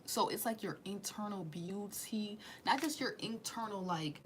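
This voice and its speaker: A woman's voice: mid-range voice, measured pace, slight background noise. A woman doing a casual tarot reading in slangy, profane speech, with sudden drops into whispers. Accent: Southern US. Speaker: tarot reader.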